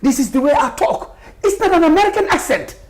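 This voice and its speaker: A man's voice: extremely high pitch, very animated, fast talker, a little mellow. A middle-aged man from Gambia, a party official speaking passionately as a guest in a live interview. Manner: emphatic, passionate, laughs often.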